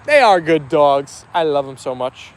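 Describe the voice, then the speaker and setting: High-voiced chatty man streaming outdoors. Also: big pitch swings, a little slow. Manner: chatty, reads viewer comments aloud and answers them. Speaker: live-stream host. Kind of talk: casual live-stream chat. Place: outdoors with his dogs.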